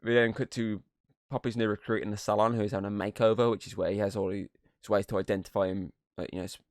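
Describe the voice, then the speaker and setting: Lowish-voiced man reviewing a movie. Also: flat delivery, quick pace, no echo, studio quality. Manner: swears freely, puts on voices to act out scenes. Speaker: podcast co-host. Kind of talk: casual movie review chat.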